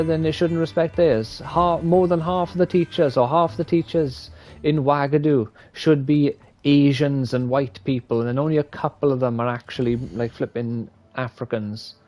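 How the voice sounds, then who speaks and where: A man's voice: fairly high pitch, darkish tone. A man from Wales, rambling and swearing as he gives live gameplay commentary. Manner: rambling, profane, opinionated. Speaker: streamer.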